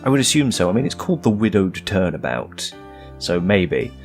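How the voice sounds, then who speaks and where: A man's voice: low-pitched, very animated, normal speed, gravelly, soft background music. A man commenting on a game as he plays, joking and mocking himself while thinking aloud. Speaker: let's play gamer.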